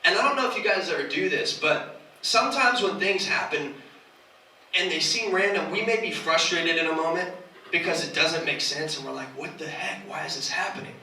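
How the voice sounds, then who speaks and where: A man's voice: fairly high pitch, animated, normal speed, bright, forceful tone, a little hiss or hum. A man, giving a casual, joking sermon in a church. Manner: joking, conversational, self-mocking. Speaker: church speaker. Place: church hall. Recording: echoey hall from far off.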